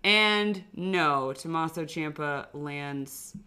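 Bright-voiced woman ranting casually. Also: low voice, extremely slow, smooth. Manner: emphatic, exasperated ranting. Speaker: podcast co-host. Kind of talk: casual wrestling recap chat.

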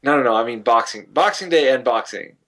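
A man co-hosting a podcast in casual chat, relaxed and measured with a dry wit. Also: mid-range voice. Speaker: podcast co-host.

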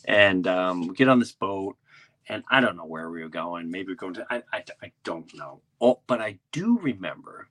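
A man's voice: deep voice, expressive, moderate pace, a bit bright. A man who hosts a podcast and does stand-up, telling rambling stories in casual chat with many restarts. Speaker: podcast host and stand-up comedian.

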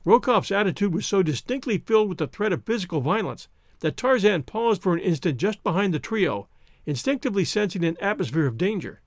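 A man reading an adventure novel aloud as narrator, in a theatrical, expressive way. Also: high-pitched, dry recording, studio quality. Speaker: audiobook narrator. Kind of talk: scripted narration.

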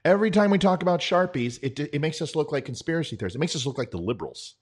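A middle-aged political commentator talks directly to the listener in an earnest, conversational monologue, slipping in quick impressions. His voice sits on the high side, animated and slightly rough.

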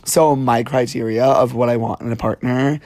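A young man in his twenties chats frankly and campily on a podcast, scattering "like" through every sentence. His voice sits at a middle pitch. The recording is close and dry, with no room echo. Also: steady tone, normal speed, darkish tone. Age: 20s. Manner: chatty, campy and frank, lots of "like". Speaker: podcast guest. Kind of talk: casual podcast chat.

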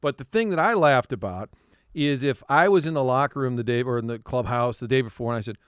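A man's voice: medium pitch, fast, clean tone, dry recording, studio quality. Man telling a story on talk radio. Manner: animated, laughs often, slips into impressions. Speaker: radio guest. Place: radio studio.

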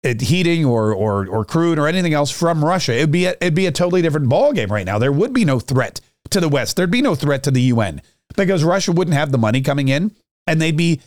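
A man's voice: a little high, very animated, quick pace, dry recording, studio quality. A man hosting a podcast, delivering a rambling, sarcastic political commentary monologue. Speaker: podcast host.

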